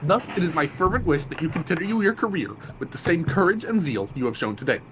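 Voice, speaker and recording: A man's voice: a little high, expressive, quick pace, fairly bright tone, slight background noise, pitched above the performer's own voice. A man reading a stately, solemn official. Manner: formal, stately delivery. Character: solemn formal male official, grand and stiff. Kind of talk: reading game dialogue aloud on a stream.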